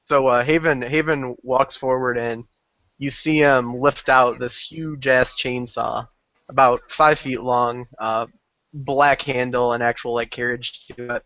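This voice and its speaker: A man's voice: medium pitch, fairly even intonation, slow pace, dry recording. A man playing a tabletop game, describing his character's actions in vivid, graphic detail. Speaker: player. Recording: dry, dull lo-fi call audio.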